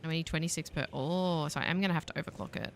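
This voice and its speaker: A young Australian woman streaming a factory-building game, thinking aloud and chatting with viewers, quick to laugh at herself. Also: low-pitched, gravelly, slight background noise. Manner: self-deprecating, laughs easily. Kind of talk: casual let's-play commentary. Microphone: desk mic, voice only without face cam.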